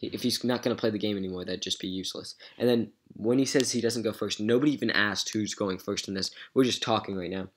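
A man's voice: fairly low pitch, quick pace, hardly any pauses, a little hiss or hum. A man recapping a chat with a scammer for his gaming channel, chatty and amused, with lots of "um"s. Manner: chatty, retells messages with "so I go", many "um"s. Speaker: gaming YouTuber. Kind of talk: casual recap vlog.

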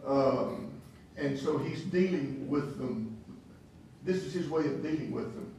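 A man's voice: medium pitch, measured pace, warm tone. Man teaching a Bible class, echoey and distant. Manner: questioning, repeats words and restarts. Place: church classroom. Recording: echoey room from far off, faint hiss.

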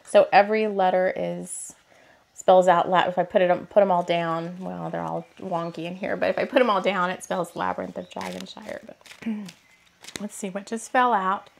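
A woman giving a rambling, casual spiritual card reading, her throat a bit hoarse and scratchy, laughing often. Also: lowish voice, steady tone, moderate pace. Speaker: tarot card reader.

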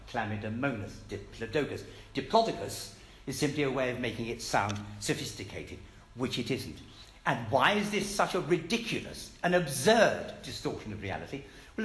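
A man's voice: mid-range voice, fairly bright tone, slight background noise. A British man giving an emphatic, scornful public lecture to an audience in a hall. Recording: echoey hall with faint ambience.

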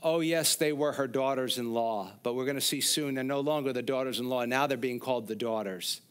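A man's voice: medium pitch, a little fast, clean tone. A man preaching a sermon in a church, explaining scripture and asking the congregation questions. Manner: expository preaching, speaks to the congregation directly. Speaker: pastor. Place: church sanctuary.

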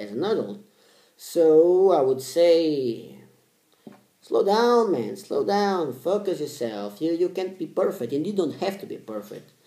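Young man, late twenties, language vlogger, blunt casual pep talk, swears freely, mellow voice, echoey room. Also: on the high side. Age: 20s. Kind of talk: casual motivational talk to camera.

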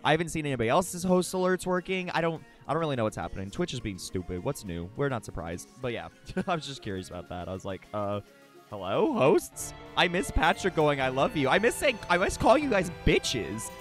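A male game streamer talks to his live chat in a fairly high, lively voice that swoops all over the place. He swears freely and throws himself into over-the-top mock rants. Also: fairly quick, soft background music. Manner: animated, swears a lot, goes on dramatic mock rants. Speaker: Twitch streamer.

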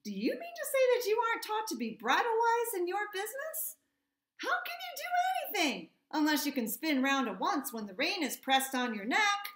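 A woman voicing a proud male cavalry troop horse who lectures in an earnest, brisk way. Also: very high-pitched, a bit bright, roomy sound, voice pushed up, exaggerated voice. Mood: lecturing.

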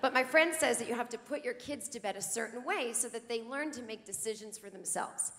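A woman's voice: on the high side, animated, fairly quick, fairly bright tone. A woman in her forties doing a sardonic stand-up routine on a theater stage, acting out the voices she quotes. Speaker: stand-up comedian. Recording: long hall reverb from live theater.

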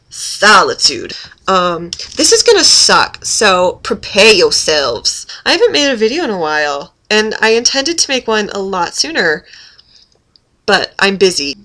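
A young woman rambling in a halting, self-deprecating way as she vlogs casually. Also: medium pitch, big pitch swings, pushed and bright. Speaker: vlogger.

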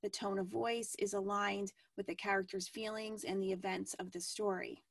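A woman teacher presenting an educational webinar in a measured way, with frequent ums and restarts. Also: medium pitch, level tone, creaky, no echo.

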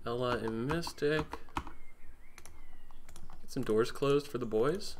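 A man's voice: medium pitch, slow. A young man in casual game chat over a desk mic, joking and teasing his friends. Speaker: gaming streamer. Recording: keyboard clicks and typing noise.

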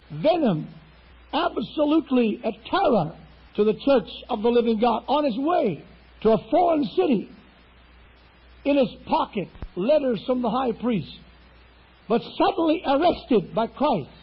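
A man's voice: very high voice, husky. A man preaching a fervent, emphatic sermon as a pastor. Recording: dull lo-fi sound.

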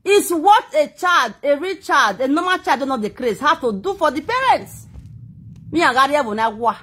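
A woman's voice: high voice, sing-song, moderate pace, fairly bright tone. A Nigerian woman vlogging a heated, defensive, rambling rant to her viewers. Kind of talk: emotional personal rant to viewers.

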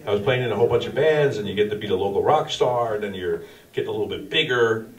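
This is a middle-aged pastor preaching casually in a small church cafe, full of slang and lively personal anecdotes. He talks fast in a lowish voice. The sound comes from a distance, with plenty of room echo.

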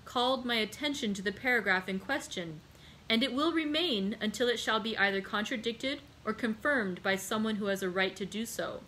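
A woman reading the part of a composed, wry male journalist in a storybook reading, measured and formal. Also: medium pitch, pushed and bright, slight background noise, natural voice, poor audio.

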